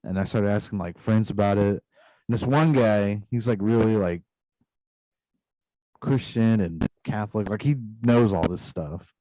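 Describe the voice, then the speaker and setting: A man's voice: lowish voice, a little slow, mellow, dry recording, low-quality recording. A man casually retelling a long dream on a podcast, rambling loosely with constant asides. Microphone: podcast microphone.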